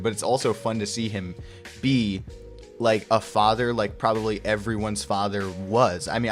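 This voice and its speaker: A young man casually reviewing a comic book, rambling and profane, often slipping into quick put-on voices for the characters. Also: lowish voice.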